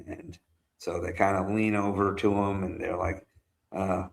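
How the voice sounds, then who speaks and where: A man's voice: deep voice, little pitch movement, a little slow, vocal fry. A man co-hosting a podcast, recapping scenes casually with lots of fillers and quoted voices. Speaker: podcast co-host. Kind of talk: casual chat.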